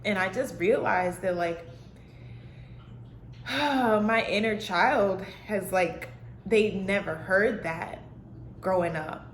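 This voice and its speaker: Taking things slowly with long pauses, a woman in a mid-range voice films herself alone at home, in a room with plants and a dog. She's a healing and mental-health vlogger, candid and rambling with many fillers in a casual, heartfelt style; the camera audio is roomy with a little hiss or hum.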